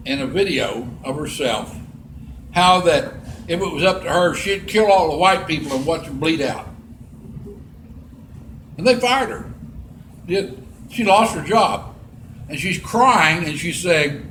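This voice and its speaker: A man's voice: on the high side, animated, slow pace, pauses often, a bit bright, a little hiss or hum. A man preaching a Bible lesson, reading scripture aloud and adding folksy commentary. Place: church sanctuary. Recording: echoey church room.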